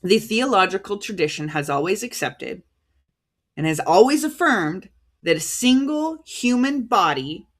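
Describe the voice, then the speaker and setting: A woman's voice: mid-range voice, lively intonation. American woman preaching a casual livestream sermon. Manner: conversational, halting, stops to reread cited titles.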